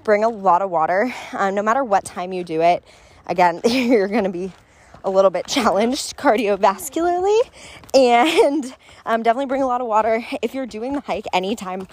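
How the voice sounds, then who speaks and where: A young woman chatting casually in a travel vlog, full of "like" and quick laughs, recorded on a phone. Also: medium pitch, expressive, a little mellow. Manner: chatty, laughs often, lots of "like". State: out of breath. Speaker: travel vlogger. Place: outdoors on a hiking trail.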